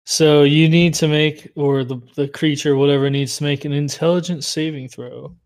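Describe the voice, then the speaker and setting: A man's voice: a little high, steady tone, normal speed. A man playing a tabletop game over an online voice call, casual and thinking aloud. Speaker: player.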